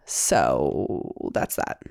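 A woman's voice: a bass voice, very animated, drawn-out words, gravelly, a little mellow. A young woman co-hosting a casual podcast chat, giggling often and trailing off into fillers. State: pregnant. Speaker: podcast co-host.

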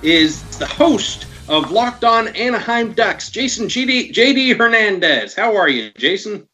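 A man guest-hosting a podcast, reading promos and introducing a guest in an upbeat, animated way. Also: high-pitched, a little slow, faint music behind. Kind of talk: podcast reads and interview.

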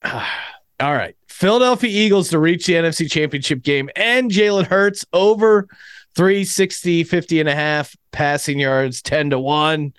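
A man with a fairly high voice hosts a sports podcast and talks through betting picks with lively enthusiasm. His voice sounds dry and close, with no room echo. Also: a little slow, smooth. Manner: energetic, enthusiastic. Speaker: podcast host. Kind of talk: casual sports betting chat.

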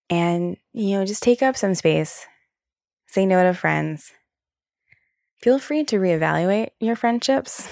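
Young NY woman, podcast host, low gravelly voice, chatty and blunt, dry close mic. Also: darkish tone, dry recording. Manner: candid, chatty, swears freely, many fillers. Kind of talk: casual solo podcast chat.

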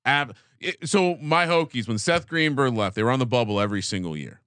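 A man co-hosting a sports betting podcast, joking, animated and swearing freely in casual chat. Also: medium pitch, fairly quick, smooth, no echo, clean studio sound. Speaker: podcast co-host.

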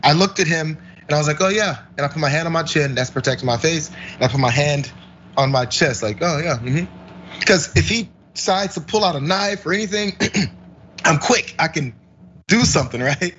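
Brisk and fairly high-pitched, a man co-hosts a podcast and relates a story in easygoing chat, performing the other people's lines and laughing along the way. The recording has its highs cut off and a bit of background noise.

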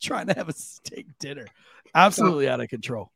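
Chatting casually on his podcast, a man tells stories, laughs a lot and swears freely. His husky, creaky voice is on the high side, fairly bright and sing-song, delivered briskly with no room sound.

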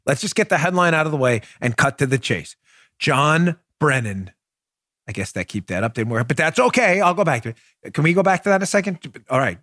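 A man hosting a political talk show, delivering an emphatic, animated monologue full of rhetorical questions. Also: a little high, a little fast, no room sound, clean studio sound.

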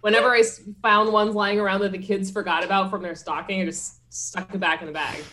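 A woman's voice: mid-range voice, level tone, fast, pushed and bright, a little hiss or hum. A woman co-host in easygoing conversation. Her talk is chatty and wry, and she often pokes fun at herself. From Pennsylvania, US. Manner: chatty, wry, self-deprecating. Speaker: podcast co-host. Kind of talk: casual chat.

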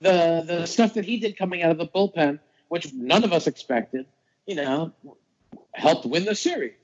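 A man's voice: on the high side, moderate pace, a little mellow, slightly rough. A man from the Boston area, a podcast guest in casual sports chat, rambling and easygoing with restarts. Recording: dull lo-fi audio.

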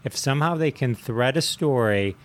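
A man's voice: medium pitch, animated, normal speed. A man hosting a casual interview chat, prompting his guest with examples.

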